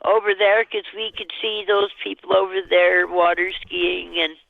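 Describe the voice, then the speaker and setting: A woman calling in to a show, telling a personal story in a halting, rambling way with nervous laughs. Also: mid-range voice, monotone, vocal fry. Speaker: caller. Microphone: telephone. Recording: tinny phone line.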